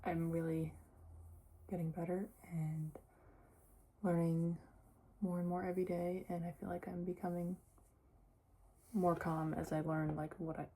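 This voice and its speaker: A woman's voice: fairly low pitch, level tone, unhurried, long pauses, mellow, breathy edge. A young woman talking casually in a personal vlog, sharing her experience with many "like" fillers. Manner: chatty, lots of "like" fillers. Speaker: vlogger.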